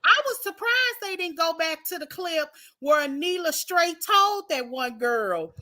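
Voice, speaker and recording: A woman co-hosting a casual reality TV recap chat, talking in an animated way with many restarts and broken-off phrases. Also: very high-pitched, measured pace, few pauses. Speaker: recap show co-host.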